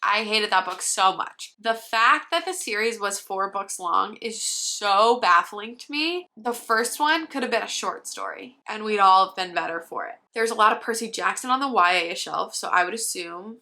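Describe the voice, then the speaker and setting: Brief: young woman vlogger, bright forceful voice, playful roast-style commentary. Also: medium pitch, a little slow. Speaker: book vlogger. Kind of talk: casual comedic commentary.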